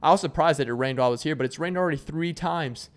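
A man's voice: a little high, racing. A young man from Arkansas, hosting his podcast in a loose, joking ramble full of fillers and restarts. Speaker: podcast host. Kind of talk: casual solo chat.

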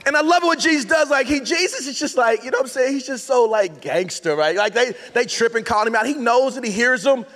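A man delivers a loose, conversational sermon full of slang and playful asides, often restarting his sentences. His voice sits very high and bright. It rings out with a long reverb across a large church auditorium. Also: expressive, brisk, hardly any pauses. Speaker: pastor. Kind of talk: casual, joking sermon. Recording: long hall reverb from the sanctuary.

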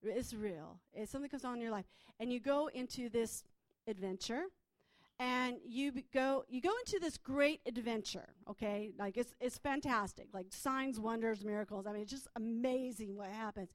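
A woman's voice: fairly high pitch, moderate pace, no room sound. A woman minister telling her testimony in a chatty way, full of fillers and restarts. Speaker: prophetic minister. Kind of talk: personal testimony.

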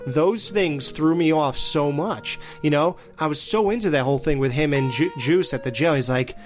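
A man's voice: a little high, moderate pace, hardly any pauses, over music. A man in casual chat reviewing a TV show, talking animatedly and acting out scenes. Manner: animated, mimics scenes with swearing.

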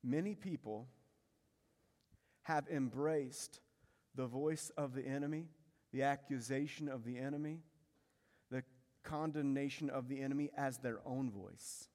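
A man with a mid-range, slightly mellow voice preaches as pastor in a church sanctuary. His sermon is emphatic, full of repeated key phrases and rhetorical questions to the congregation, heard with the long reverb of a large hall.

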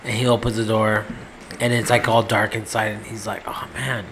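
A man's voice: lowish voice, little pitch movement, a little fast, fairly bright tone. A man co-hosting a casual podcast, telling a long rambling story and acting out what people said, with plenty of swearing. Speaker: podcast co-host. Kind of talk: casual chat.

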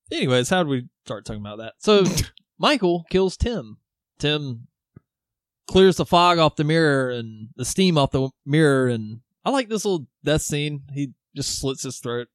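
A man's voice: a little high, sing-song, measured pace, clear, resonant tone, dry recording, studio quality. A man co-hosting a podcast, chatting casually, laughing often, swearing and acting out film lines. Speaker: podcast co-host. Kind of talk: casual chat.

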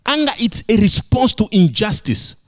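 A man preaching a sermon, playful and animated, swinging between high exclamations and low emphatic lines. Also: moderate pace.

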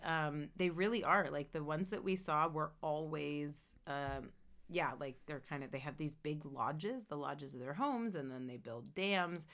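A woman's voice: low voice, a little slow, fairly bright tone. A woman from Ontario with a Canadian accent, co-hosting a casual podcast chat, hesitant with lots of ums and restarts. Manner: hesitant, many ums and restarts, laughs often. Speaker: podcast co-host.

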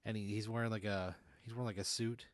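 A man's voice: on the low side, steady tone, quick pace, no room sound, clean studio sound. Rambling man narrating a role-play. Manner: rambling, many fillers. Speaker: game master.

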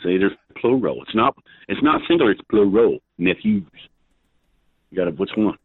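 A man, rambling loudly and crudely on a phone call and cackling between lines. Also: on the low side, very animated, normal speed, creaky, slightly rough, no echo. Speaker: prank call target. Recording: tinny dry phone line.

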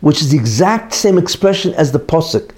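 A man's voice: a little high, sing-song, a little fast. A middle-aged man teaching a Torah lesson, emphatic and repetitive, posing rhetorical questions and then answering them. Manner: repeats key points for emphasis. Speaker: religious teacher.

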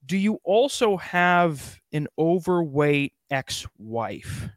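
A man hosting a loose, casual conversation, animated and a bit profane. His voice sits slightly high and the sound is dry and close, with no room echo. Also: slow. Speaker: podcast host. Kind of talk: casual chat.

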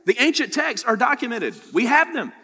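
A man's voice: very high voice, big pitch swings, normal speed, bright, forceful tone, breathy edge. A male pastor preaching a sermon in a conversational teaching manner, constantly checking in with "right?". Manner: conversational teaching, frequent "right?" tag questions. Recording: long hall reverb.

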